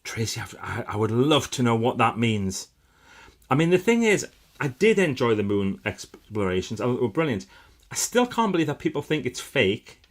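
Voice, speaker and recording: A man's voice: medium pitch, big pitch swings, normal speed. A man hosting a casual live stream, chatting upbeat with viewers and breaking into bursts of enthusiasm.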